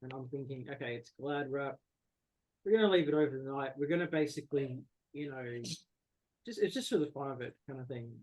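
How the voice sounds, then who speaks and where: A man adds to a shared story in casual chat, relaxed and hesitant. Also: mid-range voice, fairly quick, low-quality recording.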